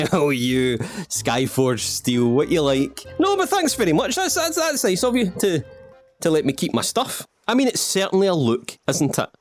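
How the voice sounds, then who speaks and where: A Scottish man with a fairly high voice that swoops up and down as he jokes his way through a game. He rambles in cheeky asides and pokes fun at himself. Light music plays faintly behind him. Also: wildly swooping pitch, normal speed. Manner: rambling, self-mocking, jokey asides to the viewer. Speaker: gaming channel host. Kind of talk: playful let's-play commentary.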